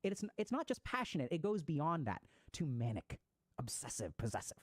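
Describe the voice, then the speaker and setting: A mental health speaker gives a recorded talk on attachment styles, explaining psychological ideas and acting out everyday examples. His slightly high voice swoops wildly in pitch at normal speed, and the recording is dry.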